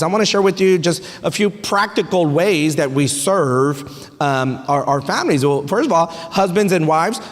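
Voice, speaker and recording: A man in his thirties preaching a sermon as pastor, animated and playful, with family stories and asides to the congregation. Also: sits high. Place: church sanctuary. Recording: echoey church hall.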